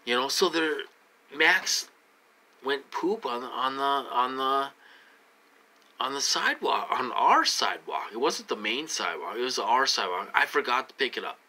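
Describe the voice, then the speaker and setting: Sharp-voiced man rambling to camera. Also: mid-range voice, animated, moderate pace. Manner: rambling and repetitive, many fillers; upset, growing agitated. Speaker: vlogger. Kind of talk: personal talk to camera.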